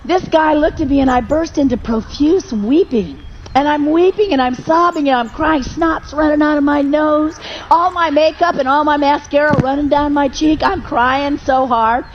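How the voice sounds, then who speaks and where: Woman preacher, high voice, emotional sermon storytelling, dull lo-fi recording. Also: moderate pace, slight background noise. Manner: emotional storytelling, rising to fervent prayer. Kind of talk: sermon testimony.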